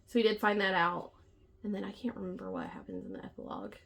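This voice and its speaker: A woman's voice: mid-range voice, very animated, fast, gravelly, fairly bright tone. A woman co-hosting a casual book chat, laughing often as she retells scenes and acts out the characters' lines. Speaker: book podcast co-host.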